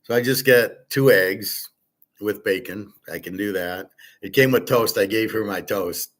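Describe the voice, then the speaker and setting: A man's voice: fairly low pitch, a little slow. A man hosting a casual monologue, blunt and opinionated, swearing freely and rambling with fillers. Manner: rambling with fillers, trails off quietly. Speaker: host.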